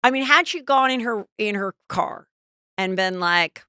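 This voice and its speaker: A middle-aged woman hosting a podcast, telling stories in a chatty, animated casual chat. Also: mid-range voice, unhurried, clean tone, dry recording, studio quality. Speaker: podcast host.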